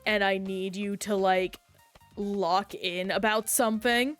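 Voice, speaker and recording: A woman streamer in casual, chatty conversation while playing a game, reacting aloud in an animated way. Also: medium pitch, takes it slowly, soft background music. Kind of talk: casual gameplay chat.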